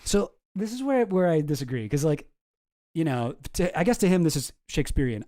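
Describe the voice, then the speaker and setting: A man hosting a loose commentary stream, wandering through his points with self-deprecating asides and frequent swearing. His voice sits a little high but sounds mellow and soft. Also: sing-song, fairly quick. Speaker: streamer host.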